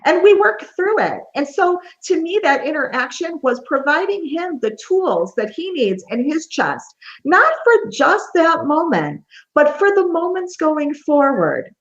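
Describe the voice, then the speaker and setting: A woman's voice: high voice, sing-song, measured pace, fairly bright tone, lo-fi sound. A woman relationship coach answering interview questions earnestly, often repeating phrases for emphasis.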